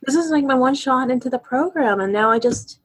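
A sulky young woman crook in a jail cell, played by a woman, scoffing and whining in a lowered, husky voice. She sounds fed up with everything. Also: fairly quick.

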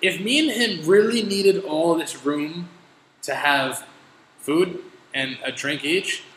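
A man hosting a casual podcast, telling stories in animated, profane rants with an exasperated edge. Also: on the high side, slow pace. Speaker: podcast host. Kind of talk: casual chat, storytelling. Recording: echoey room with faint noise.

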